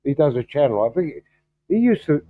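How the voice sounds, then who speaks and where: A man hosting a livestream in casual chat, halting and distracted, restarting his sentences as he fiddles with the stream settings. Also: a little high, very animated, no room sound. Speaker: livestream host. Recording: thin phone-like video-call audio.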